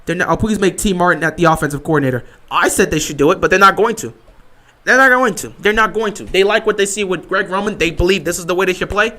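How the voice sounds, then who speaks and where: A man hosting a fan livestream, talking over a live football game, repeating his points insistently and swinging between excited outbursts and flat, deflated stretches. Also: sits high. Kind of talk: live game watch-along commentary.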